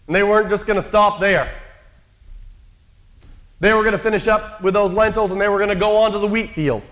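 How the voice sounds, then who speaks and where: A man's voice: high voice, a little fast, a bit bright. A man preaching a sermon in a conversational, storytelling way, acting out quotes from the characters he describes.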